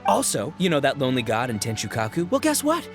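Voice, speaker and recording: A man's voice: mid-range voice, huge pitch swings, fast talker, faint music behind. An actor playing a brash, boastful young male gang boss in a video game, boisterous and laughing, tripping over fillers. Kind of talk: game voice acting.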